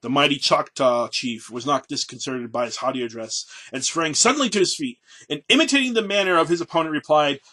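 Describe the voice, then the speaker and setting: A man with a bright, slightly husky voice tells history in a casual, conversational way. He presents a daily segment and talks loosely, with many fillers and restarts. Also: a little high, animated, fairly quick, few pauses. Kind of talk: casual spoken history talk.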